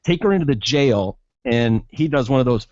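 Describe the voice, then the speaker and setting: A man co-hosting a podcast in a loose, mocking tone, with a mid-pitched voice that rises and falls a lot. The sound is dull and close with no room echo. He swears freely as he retells a news story. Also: expressive, moderate pace, a little mellow. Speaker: podcast co-host. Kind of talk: casual comedic chat. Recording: dull, lo-fi, dry podcast mic.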